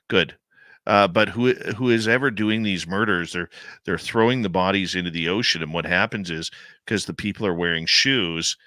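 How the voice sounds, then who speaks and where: Male talk radio host, low and bright, dry studio sound. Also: no echo. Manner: upbeat promo delivery, conversational.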